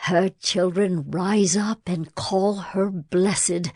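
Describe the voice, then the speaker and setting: A woman reading scripture aloud in a measured, even delivery. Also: lowish voice, no echo, clean studio sound. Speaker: scripture reader.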